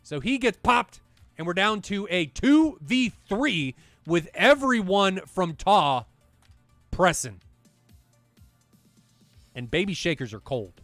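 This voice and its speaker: Guy calling a dogfight match, high voice, dry close mic, faint music under it, gets loud and worked up. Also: slow pace, long pauses, no room sound. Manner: excitable, talks to the viewers directly. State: out of breath at times. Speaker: esports commentator. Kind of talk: play-by-play commentary.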